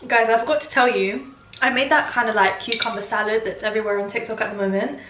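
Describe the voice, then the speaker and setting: A young woman, talking casually to camera in a personal diary vlog, chatty and animated, repeating words for emphasis. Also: a little high, fast talker, noisy background. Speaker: vlogger.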